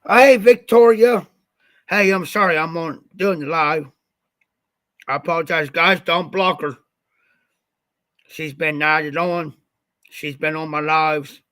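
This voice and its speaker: A man's voice: on the high side, steady tone, slow, pauses often, sharp tone, clear, resonant tone, no echo. A man from Ohio hosting a livestream, telling a rambling story and repeating "I said" as he goes, slightly stuffed up after the flu. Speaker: livestream host.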